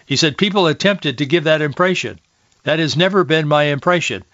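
A man's voice: on the high side, a little fast, fairly bright tone, no echo, dull audio. A man hosting a talk radio show, reading quotes and commenting with folksy restarts and rising heat.

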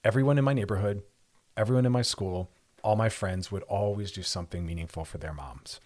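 A man's voice: on the low side, a little fast, darkish tone. A man hosting a radio advice show, talking through relationships in a reflective, conversational way with personal stories.

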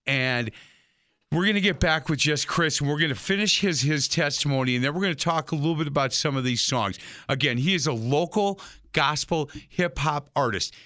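Bright-voiced male radio host. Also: fairly high pitch, no echo, studio quality. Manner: energetic, quick to wrap up to a break. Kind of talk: talk radio hosting. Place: radio studio. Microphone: studio microphone.

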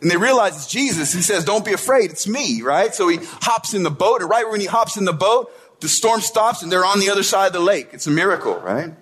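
A man's voice: high voice, animated, fairly quick, a bit bright, slightly rough. A man preaching a sermon as the pastor, speaking in a conversational way and often checking in with the congregation. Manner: conversational, retells scenes and tags lines with "right?".

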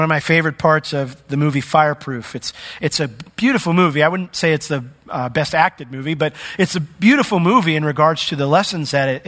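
A man preaching a sermon with earnest emphasis, rising sharply when he urges his listeners and dropping low for heartfelt points. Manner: earnest, preacherly, climbs high and loud when urging. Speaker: pastor.

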